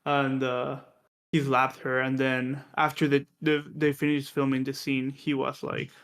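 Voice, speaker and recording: A man's voice: mid-range voice, monotone, measured pace, a bit bright. A man co-hosting a casual film discussion podcast, telling production stories in a chatty way with many restarts and fillers. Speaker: podcast co-host.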